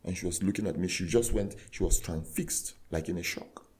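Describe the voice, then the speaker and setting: A man, a clergyman guest, telling a story in conversation with earnest, animated retelling that acts out dialogue. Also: sits low, fairly quick. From Nigeria.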